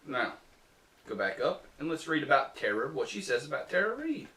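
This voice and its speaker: A man's voice: medium pitch, big pitch swings, moderate pace, bright, forceful tone, distant mic. A man hosting a casual political talk podcast, sarcastic and mocking as he reads quotes aloud. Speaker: podcast host. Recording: echoey room, voice off-mic.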